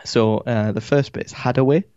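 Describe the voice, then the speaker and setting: A man with a Geordie accent chatting casually on a podcast, halting with lots of restarts. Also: mid-range voice, fairly even intonation, dark tone, clean tone, no room sound. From Newcastle area, England. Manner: halting, many restarts and fillers. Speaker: guest podcaster. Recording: dull, lo-fi sound.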